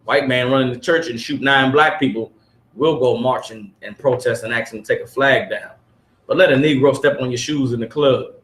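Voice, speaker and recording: A study group teacher with a medium-pitched, slightly bright voice reads aloud and presses his listeners with a barrage of rhetorical questions. The lesson is preachy and emphatic, recorded in an echoey room with the group present.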